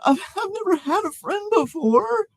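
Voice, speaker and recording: A man's voice: very animated, moderate pace, fairly bright tone, dry recording, heavily acted. A man voicing a whiny, crying grown-man wrestler in a comedic tabletop role-play reading. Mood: pleading. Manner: whining, sobbing, high-pitched.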